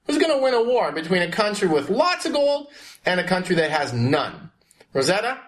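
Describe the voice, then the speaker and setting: A man's voice: sits high, very animated, moderate pace. A man teaching a class, asking questions and calling on students by name. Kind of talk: classroom history lesson.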